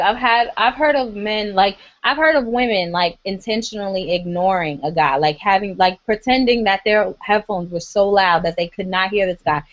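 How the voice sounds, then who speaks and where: A woman's voice: mid-range voice, no echo, dull audio. A woman co-hosting a casual podcast, blunt and heavy on fillers. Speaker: podcast co-host. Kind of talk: casual drunk chat.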